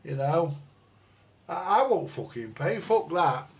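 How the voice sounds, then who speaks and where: Bloke from round ranting on his live stream, swears loads, bit higher voice. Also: very animated, slow pace, vocal fry. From England. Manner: sweary, rambling, blunt. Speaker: livestream host. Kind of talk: casual ranting chat. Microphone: live stream microphone.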